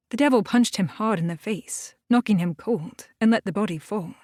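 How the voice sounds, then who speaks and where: Female audiobook narrator, steady even first-person reading, no room sound. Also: mid-range voice, normal speed, no room sound, studio quality.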